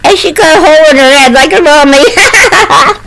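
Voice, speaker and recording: An older woman telling a homespun story to the camera in a slow, doting, sing-song voice, slipping into baby talk. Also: sits high, expressive, background noise.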